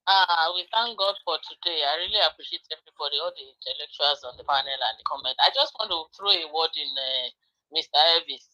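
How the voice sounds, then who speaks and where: Nigerian woman caller, high and bright, indignant, repeats herself. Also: dull audio. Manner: indignant, repetitive, stammering. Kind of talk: phone-in comment.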